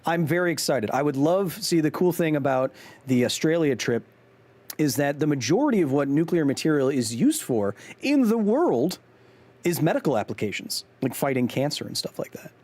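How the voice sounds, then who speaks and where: A man's voice: a little high, animated, normal speed, a little mellow. A man hosting a live game stream, chatting casually with viewers, rambling with many restarts and poking fun at himself. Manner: rambling, chatty, talks back to chat; frequent ums and restarts, self-mocking. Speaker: gaming streamer host.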